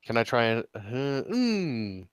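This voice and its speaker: A man's voice: medium pitch, huge pitch swings, takes it slowly, clean tone, no room sound, studio quality. A man playing in a tabletop game, talking in a chatty, joking way. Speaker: player. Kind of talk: casual tabletop role-play.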